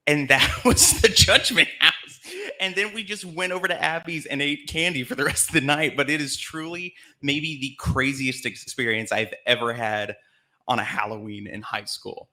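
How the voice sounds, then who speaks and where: Male host from Alabama, chatty live storyteller with a bright, forceful voice. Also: medium pitch. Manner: chatty, laughing as he tells it. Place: live theater stage.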